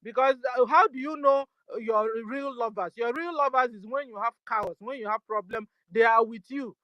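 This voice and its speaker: Forceful woman hosting a live audio room. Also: a little high, normal speed, no room sound, dull audio. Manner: forceful, repeats "you understand?". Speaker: host of an online audio space. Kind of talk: casual live audio chat.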